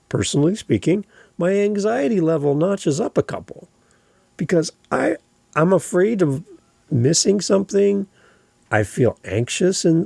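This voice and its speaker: Canadian man with a gravelly, husky voice. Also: on the high side, dark tone, dry recording. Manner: conversational, opinionated. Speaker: podcast host. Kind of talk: casual podcast talk.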